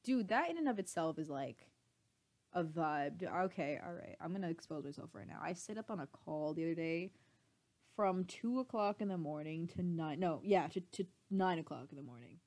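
Young woman podcast co-host, slightly low voice, chatty and self-mocking. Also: lively intonation, moderate pace, a little mellow. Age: 20s. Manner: rambling, laughs often, self-deprecating. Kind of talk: casual chat.

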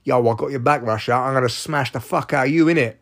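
A man's voice: mid-range voice, fast talker, vocal fry, a bit bright. A man in his forties voicing China as a cocky, menacing London street youth. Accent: London street slang.

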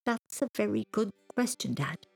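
A woman voicing an earnest, excitable young boy in a storybook reading, talking urgently and a bit bossily. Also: mid-range voice, moderate pace, gravelly, soft background music, voice pushed up.

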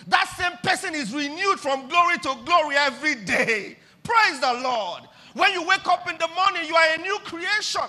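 A man preaching a sermon in church, his voice pitched very high and ringing sharp and bright. He leads the congregation in call-and-response with fervent energy, breaking into shouts for emphasis. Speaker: pastor.

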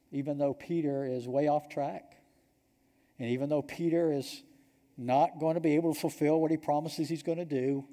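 A Georgia-accented pastor preaching in a church sanctuary, his voice warm and mellow. He tells the story earnestly and sinks to a soft hush on the points that matter. A long hall reverb hangs on each phrase. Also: a little high. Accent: Georgia, US Southern. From Georgia, United States. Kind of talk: sermon.

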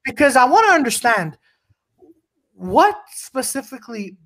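A Canadian man hosting a casual podcast, telling stories in an animated, profane way with lots of restarts. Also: extremely high pitch, unhurried.

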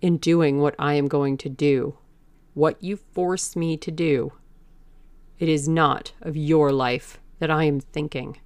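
Woman doing a cold scornful Victorian gentleman. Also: deep voice, fairly even intonation, takes it slowly, clean tone, dry recording. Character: Alan Campbell, stern disgusted Victorian gentleman.

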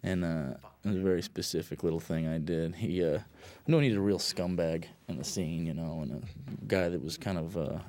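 Deep-voiced man rambling through a film commentary. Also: moderate pace, hardly any pauses, a little mellow. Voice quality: rambling, lots of fillers, laid-back and blunt. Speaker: film director giving commentary.

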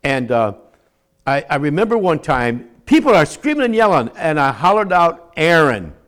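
Older pastor with a lively, high voice. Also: male voice, moderate pace. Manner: swings from shouts to near-whispers, repeats words for emphasis. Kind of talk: sermon.

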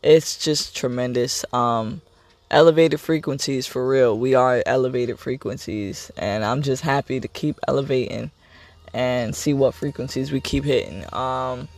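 A young man with a medium-pitched voice hosts a podcast, unhurried and recorded dry. Getting emotional, he rambles through a candid, casual personal monologue, repeating himself often.

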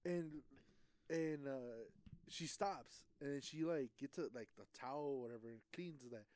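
A man's voice: medium pitch, normal speed, darkish tone, smooth. A young man in casual podcast chat, telling a profane story with lots of laughter and slang. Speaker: podcast co-host.

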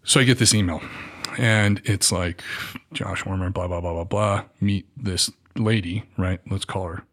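A man in his thirties telling animated stories as a guest, acting out quotes and saying "dude" a lot. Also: deep voice, a little slow. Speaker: guest, former military contractor. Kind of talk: casual storytelling.

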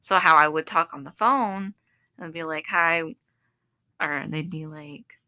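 A woman's voice: low voice, normal speed, sharp tone, no echo. A woman co-hosting a podcast, chatting casually with lots of fillers. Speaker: podcast co-host. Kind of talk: casual chat.

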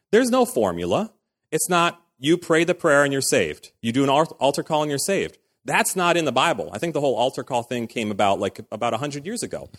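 A man, likely a pastor, giving a casual, conversational sermon in a church, full of fillers and acted-out quotes. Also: medium pitch.

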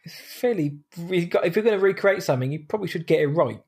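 A man's voice: high-pitched, lively intonation, quick pace, a little mellow, husky. A man co-hosting a podcast, rambling through a film's plot with wry asides. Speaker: podcast co-host. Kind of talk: casual film review chat.

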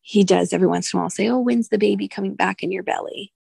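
A woman in her thirties, a guest on a podcast, telling a personal loss story in an emotional, halting way with many restarts. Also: mid-range voice, creaky, dark tone, slightly rough, no echo.

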